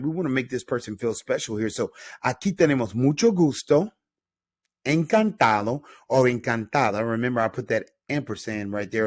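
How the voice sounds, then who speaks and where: A man from North Carolina teaching a beginner Spanish lesson, upbeat and repeating phrases slowly for learners. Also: on the low side, no echo, studio quality. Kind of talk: classroom-style language lesson.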